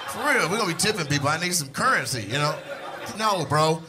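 A man in his thirties performs stand-up into a handheld mic on stage. His voice sits a bit high, and he tells the story in an animated way, dropping to a near whisper and then bursting into shouts. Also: a little slow, long pauses, over loud music. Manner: animated, swings from hushed to shouting. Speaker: stand-up comedian. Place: comedy stage before a live audience.

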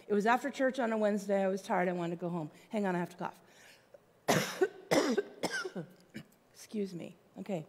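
A woman's voice: medium pitch, animated, normal speed, long pauses. A woman pastor giving a sermon in a conversational, plainspoken way, with asides to the congregation. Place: church sanctuary. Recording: long church hall reverb.

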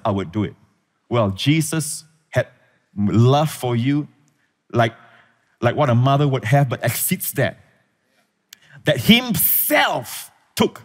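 A middle-aged male pastor preaching a sermon to a congregation, calling for amens and rising to shouted emphasis. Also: medium pitch. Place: church auditorium. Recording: large hall reverb.

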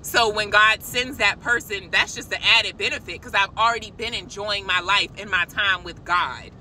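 A woman giving an excited, preachy spiritual message to her viewers from a parked car, calling them y'all. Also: medium pitch, normal speed, a little hiss or hum, low-quality recording. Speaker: christian vlogger. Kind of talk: casual spiritual vlog. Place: parked car outside a shop.

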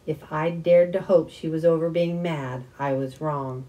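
A woman reading a children's novel aloud with expressive first-person narration. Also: sits low, measured pace, rough recording. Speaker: audiobook reader. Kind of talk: storybook reading.

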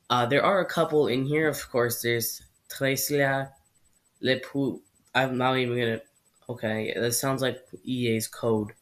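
Young canadian dude rambling thru his football picks, mid-pitch voice, trips over the names. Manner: chatty, rambling, stumbles over French names. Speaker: football channel host. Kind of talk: casual prediction vlog.

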